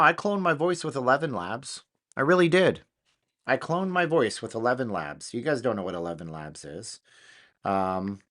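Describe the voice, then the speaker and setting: A man hosting a casual studio chat, excitable and slangy, thinking aloud as he talks. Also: medium pitch. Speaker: channel host. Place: home studio.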